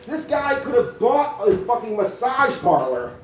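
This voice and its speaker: High-voiced man rambling in stand-up. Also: sing-song, measured pace, slight background noise. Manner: rambling, profane, full of filler likes. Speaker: stand-up comic. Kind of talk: stand-up comedy set. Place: cafe or small venue. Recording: echoey room, mic from far off.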